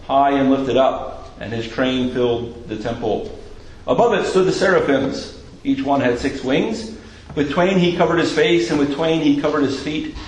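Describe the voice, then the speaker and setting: A middle-aged American man preaching a sermon as a pastor, unhurried and conversational with frequent filler sounds. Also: mid-range voice, reverberant, a little hiss or hum, rough recording.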